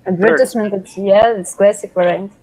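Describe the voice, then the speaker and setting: Husky woman student in class. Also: medium pitch, steady tone, moderate pace, darkish tone, low-quality recording. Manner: tries out words, agrees with short remarks. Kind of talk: online class participation.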